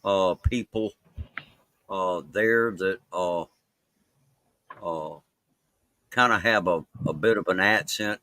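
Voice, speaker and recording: A man from Mississippi with a Southern accent, talking as a guest on a casual live-stream interview, halting and full of fillers. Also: sits low, pushed and bright, no echo, poor audio. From Mississippi, USA. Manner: halting, many fillers and restarts. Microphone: close mic.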